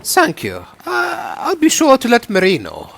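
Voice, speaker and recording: A man voicing a pious, earnest village printer in a let's-play, with a drawn-out, theatrical delivery. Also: very high voice, wildly swooping pitch, creaky, a bit bright, a little hiss or hum, voice pushed up, full character voice.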